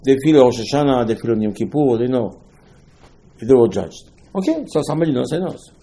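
A man with giving an informal Torah lecture, rising to emphatic questions and dropping low again. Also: expressive, brisk, mellow, poor audio. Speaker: rabbi giving a talk.

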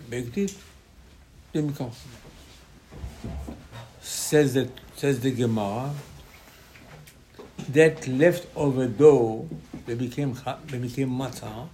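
A man's voice: mid-range voice, a little mellow, slight background noise. A man, a rabbi giving an informal Torah class in choppy English with lots of repetition. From Israel. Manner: choppy non-native English with many repetitions.

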